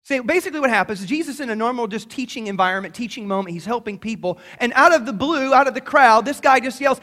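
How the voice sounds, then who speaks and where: A man preaching a sermon to a congregation, lively and conversational, acting out little voices as he tells the story. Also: very high-pitched, fast talker, hardly any pauses. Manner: animated, acts out voices in quotes. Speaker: pastor.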